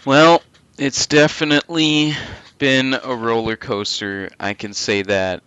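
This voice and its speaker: A young man in his late teens talking casually as co-host of a gaming channel, candid and quick to swear. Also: medium pitch, level tone, fairly bright tone, smooth, no echo. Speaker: co-host and video editor. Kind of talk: casual chat.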